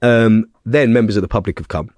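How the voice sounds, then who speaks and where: A man's voice: on the low side, a little fast, no room sound, clean studio sound. A man, a podcast guest telling a story in casual conversation. He swears constantly, talks bluntly and keeps checking in with tag questions. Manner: blunt, heavy swearing, animated retelling.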